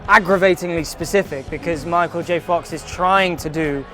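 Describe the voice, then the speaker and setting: A man's voice: fairly high pitch, normal speed, sharp tone, soft background music. A young British man, a stage actor, explaining his craft thoughtfully in a casual interview. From Britain.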